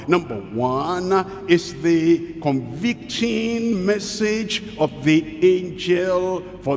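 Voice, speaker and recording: A man preaching a sermon, reading scripture slowly with deliberate pauses. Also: a little mellow. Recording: hall reverb, faint rumble.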